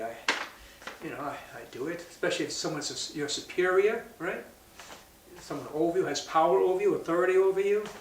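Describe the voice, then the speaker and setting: A man's voice: on the high side, fairly bright tone. Man, priest, conversational daily reflection, frequent asides, echoey room, faint background hiss. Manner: chatty, conversational, with asides like "right?" and "you know". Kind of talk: casual daily reflection on scripture. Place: church. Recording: roomy sound from a distance.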